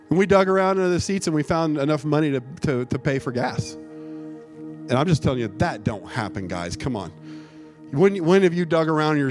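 A male pastor preaches in a church, telling his story with animated, emphatic delivery. His voice sits high for a man, and clear music plays beneath the sermon. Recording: music playing behind.

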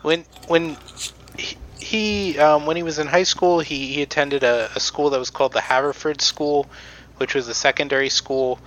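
A man's voice: on the high side, steady tone, normal speed, a bit bright, rough recording. A man on a podcast presenting research in casual chat, with many ums and restarts.

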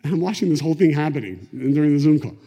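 A middle-aged man teaching a class on Kabbalah, telling stories in a lively conversational way. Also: on the high side, racing, breathy edge, highs cut off. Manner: animated, conversational, acts out quotes. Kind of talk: lecture storytelling. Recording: echoey lecture hall.

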